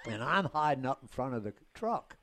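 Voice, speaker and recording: A man's voice: medium pitch, sing-song, normal speed, fairly bright tone. Older male guest, ex-racer, casual rambling storyteller with a middle-range voice who chuckles as he goes. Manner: rambling anecdotes, chuckles between lines. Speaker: guest, former race car driver.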